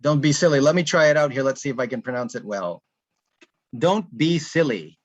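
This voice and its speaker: A man's voice: mid-range voice, expressive, fast, muffled recording, a little hiss or hum. A man giving a casual online presentation of a learning app, thinking aloud with frequent ums and restarts. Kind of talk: live online conference presentation.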